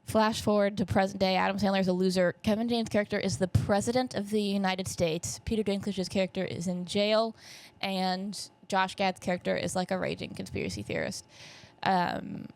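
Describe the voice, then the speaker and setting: In her twenties and hosting her own podcast, this woman rambles casually through a solo movie recap, packed with fillers and asides. She has a mid-range, creaky voice with a darkish tone and a slightly stuffy nose, captured on a camera setup.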